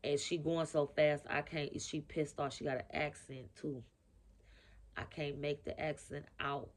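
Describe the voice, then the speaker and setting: A woman's voice: low-pitched, fairly even intonation, measured pace. Blunt profane woman giving a reading. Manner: blunt, profane, emphatic, repeats key phrases. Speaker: spiritual reader. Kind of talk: casual intuitive reading to camera.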